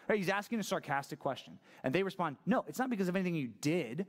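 A male pastor with a slightly raised voice, preaching in a loose, conversational way. He keeps putting questions to the congregation and plays out the lines he quotes with lively energy. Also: high-pitched, fast. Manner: animated, acts out quoted voices. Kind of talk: sermon.

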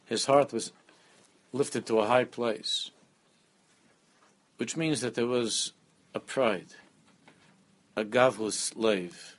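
A man giving a lively Torah class, often repeating phrases and mixing Hebrew terms into his English. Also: mid-range voice, takes it slowly, pauses often. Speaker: rabbi teaching a class.

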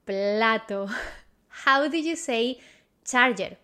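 Slow, patient woman teaching vocabulary. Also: fairly high pitch, animated, sharp tone, clear, resonant tone. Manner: repeats each word, quizzes the listener, patient and encouraging. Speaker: Spanish teacher. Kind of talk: slow, clear vocabulary lesson.

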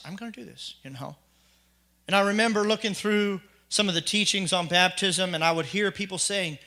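Middle-aged man, bright forceful voice, earnest testimony delivered casually. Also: fairly high pitch. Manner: earnest, conversational, many restarts and you-knows. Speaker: church member giving testimony. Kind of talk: spoken personal testimony.

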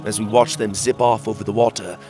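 A man narrating a children's fantasy story in the first person, with expressive storytelling. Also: lowish voice, fairly quick, over music.

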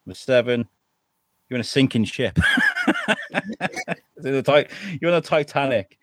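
A man's voice: mid-range voice, animated, a little slow, no room sound, clean studio sound. A man, hosting and setting up improv games in chatty, stop-start talk. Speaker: podcast host. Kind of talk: casual chat, running improv games.

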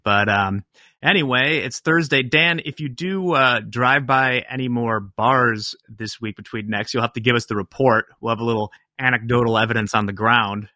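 Bright-voiced joking man host. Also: mid-range voice, moderate pace, dry recording, clean studio sound. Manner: joking, laughs at his own slips. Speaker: podcast host. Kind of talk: casual chat.

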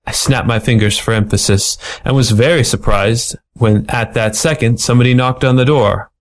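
A man reading a funny noir animal story aloud with a playful, deadpan delivery. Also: mid-range voice, moderate pace. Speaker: story reader. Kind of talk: storybook narration.

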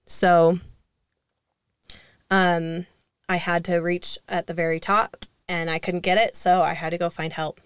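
A woman's voice: lowish voice, level tone, a little slow, long pauses, smooth, dry recording. A young woman co-hosting a casual podcast, telling stories in a chatty way with fillers and laughs. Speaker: co-host.

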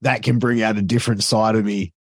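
A man's voice: lowish voice, steady tone, a little fast, dry recording, clean studio sound. An Australian man, a podcaster and wrestling announcer, chatting casually as a guest, swearing freely and filling his talk with asides. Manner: profane, loose, full of fillers.

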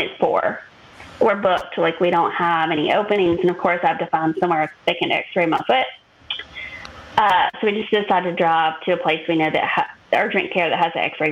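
A woman's voice: on the low side, muffled recording. A woman, telling a long personal story as a podcast co-host and acting out what others said. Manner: animated storytelling, acts out quotes. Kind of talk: casual chat.

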